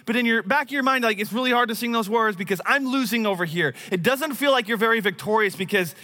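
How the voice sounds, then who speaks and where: A man's voice: extremely high pitch, quick pace, bright, forceful tone. A man in his thirties preaching a sermon, telling a personal story in a conversational, self-deprecating way. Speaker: pastor.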